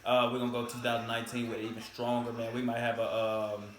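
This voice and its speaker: A man chatting casually as a guest, telling stories in a laid-back but animated way. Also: mid-range voice, fast talker. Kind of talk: casual discussion. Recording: echoey room.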